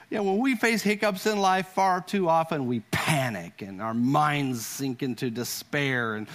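A man preaching a sermon to his church as pastor, telling stories and leading the congregation in call-and-response with rhythmic repeated lines. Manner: pitch swings from hushed low to raised.

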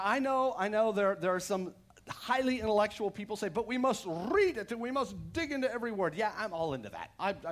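A middle-aged male pastor from Texas preaches with a fairly high voice. He talks in a lively, repetitive way and drives his points home. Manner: lively preaching, repeats phrases, mimics a whiny voice for effect. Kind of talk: sermon.

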